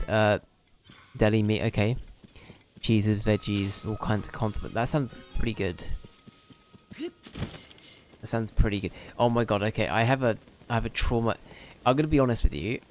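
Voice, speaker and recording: A young Englishman chatting casually and rambling with self-mocking humour while streaming a game. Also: fairly low pitch. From England.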